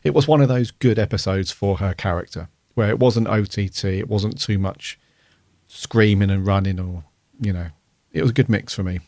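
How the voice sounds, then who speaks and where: A man's voice: fairly low pitch, moderate pace, gravelly, a little mellow, no echo, studio quality. A man co-hosting a podcast, chatting casually and telling stories with animation. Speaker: podcast co-host. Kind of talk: casual chat.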